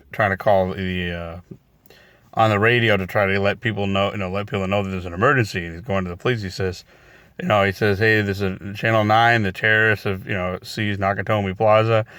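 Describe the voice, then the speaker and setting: A man's voice: steady tone, brisk, fairly bright tone, smooth, no room sound. A man casually talking through his thoughts on a movie series, rambling with many fillers and restarts. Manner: acts out quoted lines in a higher voice. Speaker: movie reviewer. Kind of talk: casual spoken review.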